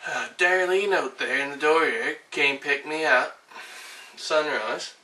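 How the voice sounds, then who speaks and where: A man's voice: fairly high pitch, slow pace, bright, forceful tone, voice pushed up, heavily acted. A man reciting a monologue as a foul-mouthed, boastful male chicken catcher, ranting profanely, recorded roomy and from a distance with faint ambient noise.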